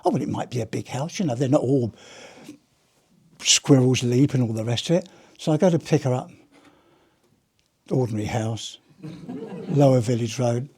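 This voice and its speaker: At a heritage gallery talk, an older man who used to be a police officer addresses a live audience in a rambling, anecdotal way, restarting many times. He has a warm, mid-range voice that's slightly rough.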